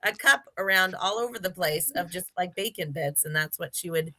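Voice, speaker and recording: A chatty woman telling stories in a relaxed interview, her voice bright and forceful. She sits somewhat low for a woman and keeps circling back with fillers and restarts. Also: moderate pace. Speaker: interview guest, former gymnast. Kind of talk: casual interview chat.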